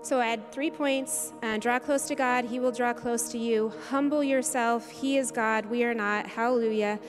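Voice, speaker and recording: High-voiced woman preaching in a hall. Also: steady tone, over music. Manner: earnest, conversational preaching with quick asides. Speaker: pastor. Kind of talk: sermon. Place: church sanctuary.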